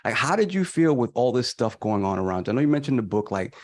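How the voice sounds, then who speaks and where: A man's voice: medium pitch, big pitch swings, fast talker, a little mellow. A man co-hosting a gaming podcast, asking long, thoughtful, meandering questions. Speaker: podcast co-host. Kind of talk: casual interview question.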